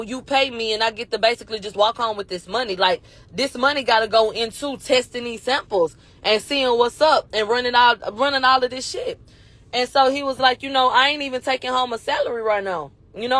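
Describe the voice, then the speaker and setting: A high-pitched woman recaps a courtroom day in loose, profane gossip-show commentary. She acts out the quotes as she goes. Her voice sits close and dry on the mic, with no room sound around it. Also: no echo. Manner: animated retelling with profanity and acted-out quotes. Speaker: commentary host.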